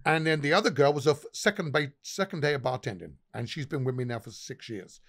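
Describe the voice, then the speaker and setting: A middle-aged man guesting on a podcast, telling stories with great energy. He swears constantly and acts out both sides of each argument. His voice sits at an ordinary middle pitch. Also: fast talker, vocal fry, fairly bright tone. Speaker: guest, pub owner. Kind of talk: casual storytelling.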